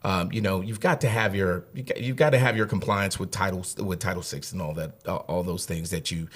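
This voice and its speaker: A man's voice: deep voice, a little fast, a bit bright, slightly rough. A man in his thirties, a guest on a podcast, giving earnest advice in casual talk and often repeating words as he thinks. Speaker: HR director guest.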